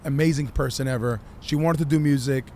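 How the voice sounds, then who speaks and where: A man, a musician guest on a podcast, telling his story in an animated, profane way and acting out what people said. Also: mid-range voice, brisk, slight background noise. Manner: animated, profane, acts out quotes.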